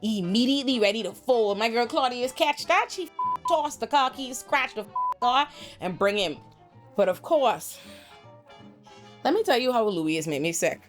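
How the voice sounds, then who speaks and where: A young woman recapping a TV episode in a profane, animated way, slipping into put-on voices for quotes. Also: on the high side, normal speed, long pauses, soft background music. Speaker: pop culture commentator.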